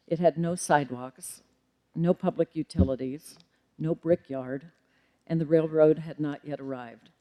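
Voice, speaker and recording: Middle-aged woman librarian giving a lecture, mellow low-key tone, some ums. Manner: measured, with occasional ums and self-corrections. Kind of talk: formal lecture.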